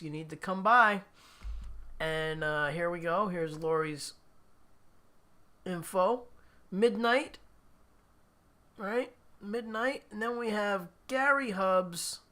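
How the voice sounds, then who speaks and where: A man's voice: high-pitched, slow pace, long pauses, pushed and bright. A man hosting a live stream in a casual chat, reading viewer comments aloud and laughing often. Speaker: livestream host.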